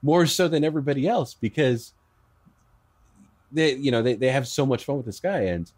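A man's voice: mid-range voice, normal speed, a little mellow. A man who is a guest on a podcast, talking casually in a chatty way with stammering restarts.

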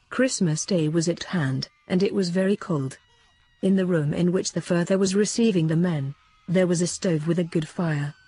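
A woman giving a steady, measured narration of a religious book. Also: on the low side, breathy edge. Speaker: reader.

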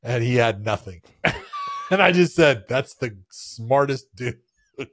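A man co-hosting a casual sports podcast, telling stories in a loose, animated, profane way. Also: mid-range voice, unhurried, no echo, studio quality. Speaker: podcast co-host.

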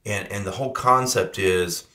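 A man's voice: on the low side, normal speed, pushed and bright. A man co-hosting a podcast, speaking earnestly and reflectively in casual conversation. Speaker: podcast co-host.

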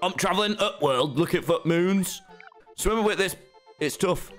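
A man's voice: sits high, normal speed, a bit bright, faint music behind, voice pushed up. A man voicing a cheerful little male mushroom explorer, chirpy and upbeat.

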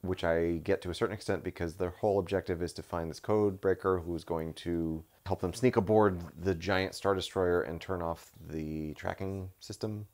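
A man with a very low, deep voice reviews a movie in casual conversation. He talks in an animated way, swears freely and laughs often. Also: moderate pace, hardly any pauses. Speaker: co-host.

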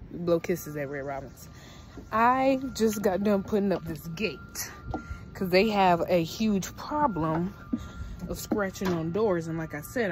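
A young woman vlogging casually to her viewers, chatty and slangy, calling them y'all and switching to high coaxing talk with her dogs. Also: darkish tone, poor audio. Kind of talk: casual vlog chat to viewers. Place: home and car, partly outdoors.

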